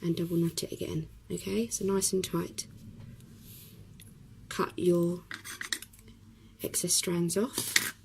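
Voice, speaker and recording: Brief: hoarse woman, chatty craft tutor, lowish gravelly voice. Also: steady tone, slow, long pauses, darkish tone, slight background noise, low-quality recording. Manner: chatty, talks while working, many ums. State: hoarse from a cough.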